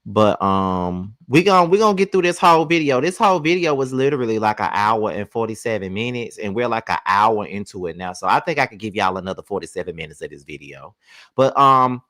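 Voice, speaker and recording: A man hosting a casual livestream, sleepy and relaxed, talking straight to his viewers. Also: on the low side, a little fast, dry recording, studio quality. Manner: relaxed, chatty, addresses viewers directly. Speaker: livestream host. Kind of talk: casual reaction-stream chat. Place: at home by his bed.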